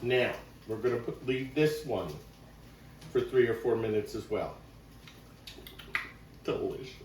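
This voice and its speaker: A man hosting a casual home cooking vlog, chatting slowly and warmly to viewers as he cooks. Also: mid-range voice, slight background noise. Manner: slow, homey, talks to viewers while cooking. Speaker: cooking show host. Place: home kitchen. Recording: echoey kitchen, mic far off.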